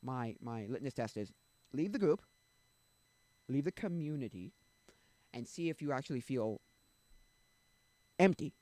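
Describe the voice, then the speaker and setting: A young man chats on his live stream, wandering from point to point and often losing his thread. His voice sits at an ordinary middle pitch. The sound is dry and close, with no room echo. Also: lively intonation, a little slow, long pauses, darkish tone. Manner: rambling, loses his train of thought. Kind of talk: casual chat.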